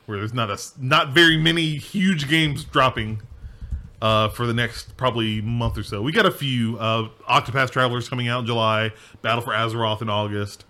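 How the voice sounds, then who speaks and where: Male podcast host, bright tone, loose rambling chat with frequent laughs. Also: medium pitch, fairly quick. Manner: laughs often, rambling with restarts. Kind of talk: casual gaming podcast chat.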